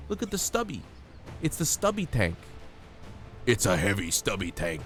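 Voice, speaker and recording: A sick streamer man with a cold talks through a game in a playful, jokey way. His voice swings wide between high and low as he gets excited, and he coughs now and then. Soft music plays quietly behind him. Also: moderate pace, pauses often. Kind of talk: casual live-stream gameplay chat.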